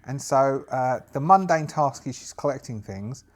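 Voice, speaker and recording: A man's voice: mid-range voice, expressive, moderate pace. A man narrating a solo tabletop game as game master, thinking aloud and often restarting his sentences.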